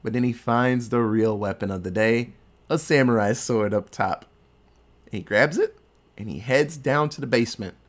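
A man's voice: medium pitch, moderate pace. A man casually retelling a film scene by scene, loose and joking as he goes. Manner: animated, loose storytelling with crude jokes. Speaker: podcast host. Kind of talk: casual movie recap.

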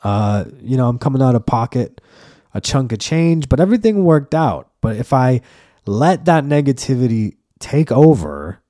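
A man's voice: mid-range voice, sing-song, moderate pace, mellow, dry recording, clean studio sound. A man hosting a podcast, ranting in a casual solo monologue, emphatic and full of profanity. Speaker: podcast host and comedian.

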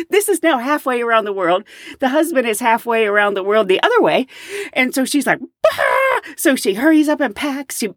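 A woman who lives in the American South, hosting a podcast and telling stories in a casual, animated way, acting out the people in them. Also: on the high side, normal speed, no echo. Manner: animated storyteller, acts out quoted voices. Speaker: podcast host, flight attendant.

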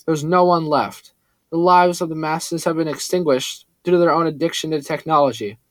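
A man reading a cold, condescending villain in a suit, calm and menacing. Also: a little high, moderate pace, dry recording, natural voice.

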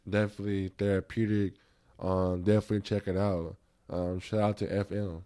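Deep-voiced man hosting a podcast. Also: level tone, brisk, warm tone. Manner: reflective, rambling, with many fillers and restarts. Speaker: podcast host. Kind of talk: casual podcast chat.

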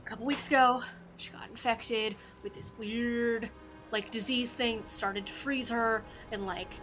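A woman's voice: a little high, fairly even intonation, a bit bright, faint music behind, poor audio. A woman doing a panicky, swearing elf thief. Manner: rapid, babbling, swearing. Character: panicky young male elf thief, cursing.

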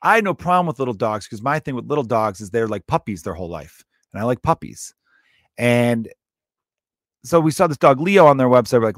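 A man's voice: mid-range voice, expressive, fairly quick, no echo, studio quality. A man in his thirties hosting a comedy podcast, telling a loose, profane, jokey story.

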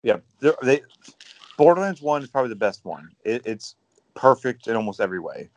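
Talking a little fast with lively intonation, this male co-host gushes about games in loose, rambling chatter heavy with fillers. His pitch is medium, and the lo-fi recording has no echo.

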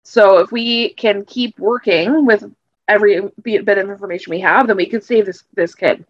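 A woman's voice: medium pitch, steady tone, moderate pace, no echo. Woman recapping, dull dry lo-fi sound. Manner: rambling retelling, self-correcting as she goes. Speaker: podcast co-host. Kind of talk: casual episode recap. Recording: dull lo-fi recording.

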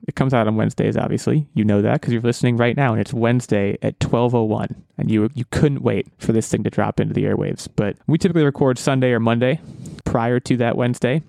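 A man's voice: medium pitch, creaky, a little mellow, no echo. 30s guy hosting a podcast, chatty, jokes at himself, restarts a lot, dry close sound. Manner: chatty, self-deprecating, rambling restarts. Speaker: podcast host. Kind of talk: casual podcast chat.

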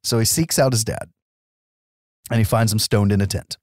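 A man's voice: on the low side, normal speed, dry recording, clean studio sound. A man casually recapping a movie on a podcast, laughing often and acting out characters. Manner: laughs often, acts out characters in silly voices. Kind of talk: casual comedic chat.

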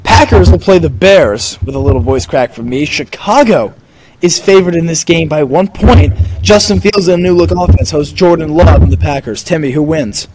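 Higher-voiced man hosting a sports podcast. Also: brisk, few pauses, darkish tone, a little hiss or hum, poor audio. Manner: runs the segment, calling on co-hosts for picks. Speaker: podcast host. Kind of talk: casual sports podcast chat.

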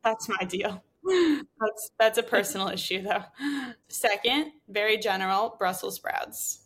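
A woman hosting a podcast interview, her voice hoarse and giving out, chatty and full of strong opinions. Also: mid-range voice, fairly even intonation, a little slow, fairly bright tone. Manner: chatty, opinionated hot takes. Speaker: podcast host. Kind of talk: casual interview chat.

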